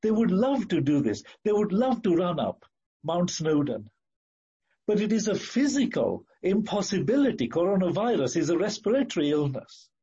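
A man preaching a sermon in an earnest, emphatic way, repeating key phrases and slowing down to stress words. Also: high-pitched, sing-song, warm tone, slightly rough, muffled recording.

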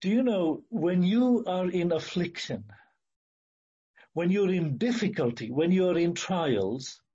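Slow, husky-voiced man preaching a sermon. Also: sits high, expressive, mellow, muffled recording. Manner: slow, deliberate, emphatic with hesitant fillers.

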